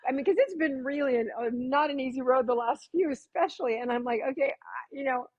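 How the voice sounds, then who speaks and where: Husky woman telling animated stories. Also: high-pitched, quick pace, dry recording. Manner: animated, laughs often, acts out her own reactions. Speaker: guest. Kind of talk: casual conversational storytelling.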